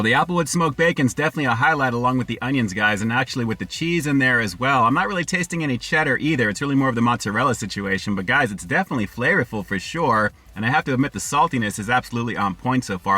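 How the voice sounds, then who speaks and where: Upbeat fast-talking male food reviewer. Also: mid-range voice, sharp tone, no room sound. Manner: upbeat, slangy, addresses viewers as guys. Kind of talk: casual food review vlog.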